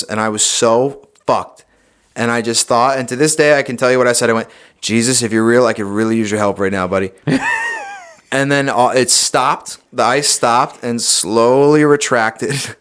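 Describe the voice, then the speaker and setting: A young adult man, a podcast guest, telling a personal story in a casual, animated way, swearing often and saying "dude" a lot. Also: mid-range voice, clear, resonant tone.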